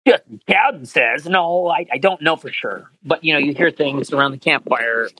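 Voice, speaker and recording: A man being interviewed as a voice actor, telling animated anecdotes and acting out quotes in higher voices. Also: moderate pace, dry recording, low-quality recording. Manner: animated storyteller, acts out quotes in high voices. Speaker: voice actor guest.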